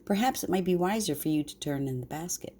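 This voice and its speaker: Prim huffy town mouse guy, gran doing the voice, low husky storybook voice. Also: animated, quick pace, mellow. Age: older. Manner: prim and a little sniffy.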